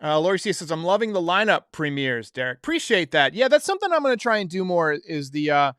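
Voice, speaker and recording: High, smooth-voiced male podcast host. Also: big pitch swings, fast, a bit bright, no echo, clean studio sound. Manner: chatty, reads viewer comments aloud. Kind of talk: casual live-stream talk.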